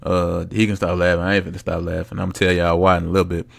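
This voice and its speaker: A young man hosting a casual solo sports podcast, blunt, slangy and mocking, swinging between loud bursts and low asides. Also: flat delivery, racing, gravelly. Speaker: podcast host.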